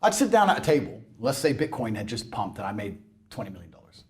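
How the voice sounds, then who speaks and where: A man's voice: lowish voice, big pitch swings, fast, a little mellow. A man in a brash, mocking monologue, swearing often. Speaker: internet personality. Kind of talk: ranting monologue.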